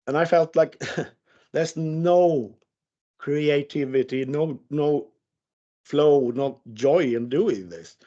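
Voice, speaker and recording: A man's voice: a little high, darkish tone. Man in his forties, casual interview; rambling, profane, stammering restarts; dull lo-fi recording. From Sweden. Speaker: interviewed musician. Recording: muffled lo-fi recording.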